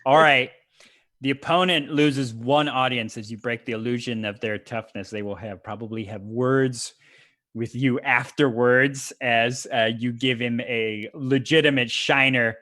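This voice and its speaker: Male game master, bright tense voice, narrates a tabletop wrestling game with quick bursts of voices and laughter. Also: medium pitch, no room sound. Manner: laughing, breaks into shouted character voices.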